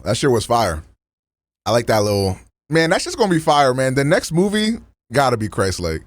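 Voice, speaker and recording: A man's voice: mid-range voice, huge pitch swings, normal speed, dry recording, clean studio sound. A man streaming in a loose, slangy casual chat, full of restarts and fillers.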